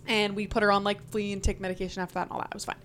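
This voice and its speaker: A young woman telling a story on a podcast in a casual, animated way, swearing freely and peppering her talk with "like". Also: medium pitch, rapid-fire. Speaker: podcast guest.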